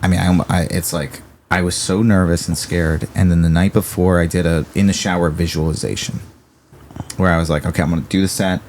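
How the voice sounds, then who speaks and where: A young man from Virginia, a comedian guest telling a story in a casual interview, animated and acting out the people he quotes. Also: low-pitched, brisk, slight background noise.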